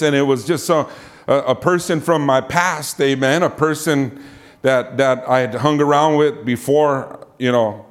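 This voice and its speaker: A man preaching with an animated, storytelling delivery. His voice sits a bit higher than most men's, and he jumps up in pitch when he acts out other people's lines. He punctuates his sentences with "amen.". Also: measured pace. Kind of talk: storytelling sermon.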